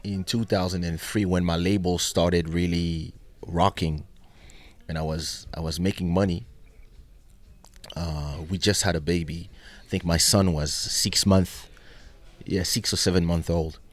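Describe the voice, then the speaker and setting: A man's voice: low voice, steady tone, unhurried. A middle-aged man, a musician, telling anecdotes in an interview, acting out the dialogue and laughing often. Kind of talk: animated storytelling.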